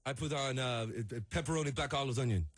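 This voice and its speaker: A laid-back man answers radio interview questions, halting and rambling with frequent "uh"s. His voice is mid-pitched and husky, heard close and dry in the studio. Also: no room sound. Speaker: studio guest.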